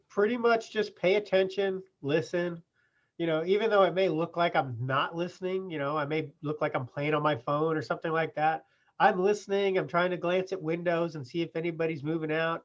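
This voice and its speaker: A man's voice: a little high, fairly even intonation, normal speed. A man in the process-serving business telling stories from his work in a plain-spoken, casual way, full of "you know". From California. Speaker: process server and business owner. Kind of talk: casual interview storytelling. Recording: muffled lo-fi remote audio.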